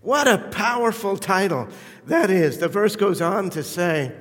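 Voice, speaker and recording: A man preaches slowly and deliberately, his voice a little higher than most men's. He builds to fervent, emphatic peaks and then sinks back to quiet, close asides. The sound carries the long ring of a large church hall. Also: expressive. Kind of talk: sermon.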